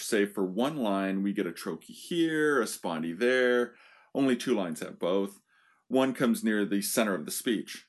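A man giving a casual analytical talk on poetic meter, informal with little asides. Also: lowish voice. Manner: informal, with asides like "you know" and "so yeah". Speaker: literature lecturer.

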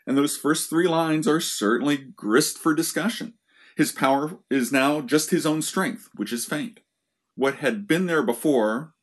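A man's voice: mid-range voice, husky. A man giving a lecture on verse, talking to his listeners in a conversational way with wry asides. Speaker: literature lecturer.

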